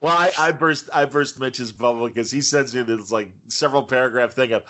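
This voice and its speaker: A man's voice: medium pitch, a little fast, hardly any pauses, bright, forceful tone. A man co-hosting a podcast, chatting casually and joking about a TV episode, with rambling restarts and fillers. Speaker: podcast co-host. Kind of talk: casual chat reviewing a TV episode.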